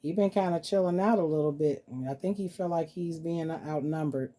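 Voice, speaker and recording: In this casual vlog, a woman displays her reborn dolls, cooing at them as she chats. She speaks at a moderate pace in a low-pitched, dark-toned voice.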